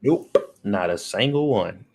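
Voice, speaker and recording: Man, fairly low voice, laid-back, dry, faint background noise. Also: animated, takes it slowly, creaky. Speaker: podcast co-host. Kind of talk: casual podcast chat.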